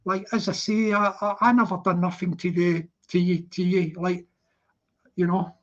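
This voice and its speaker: A man chats loosely on his live stream, his voice sitting fairly high for a man. He rambles and trips over repeated words, chuckling between thoughts. The sound is dull and lo-fi. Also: level tone, normal speed. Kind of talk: casual live stream chat.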